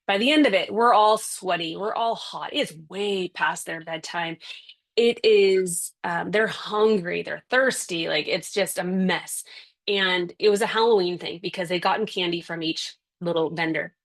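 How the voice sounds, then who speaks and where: A woman parenting coach speaks from home over a video call, her fairly low voice carrying a gravelly rasp. She is chatty and acts out everyday scenes as she explains. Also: normal speed. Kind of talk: casual interview answer. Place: home with kids and a dog nearby.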